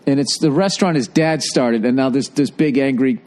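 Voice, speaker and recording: A man co-hosting a podcast, telling profane, animated stories in casual chat. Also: medium pitch, brisk. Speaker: podcast co-host.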